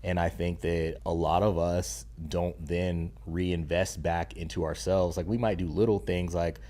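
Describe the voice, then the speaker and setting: A man's voice: low-pitched, level tone, unhurried, mellow. A young adult man speaking as a podcast guest in casual conversation, earnest and emphatic with a slangy way of talking. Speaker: podcast guest, stay-at-home dad and content creator.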